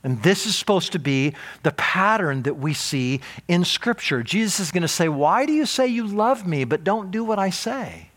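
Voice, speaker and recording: A man preaching with a lively, animated delivery, his voice sitting a little higher than most men's. He speaks emphatically and often repeats words to drive a point home. The pitch swings widely from phrase to phrase. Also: normal speed, hardly any pauses. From United States. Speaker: pastor. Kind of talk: sermon.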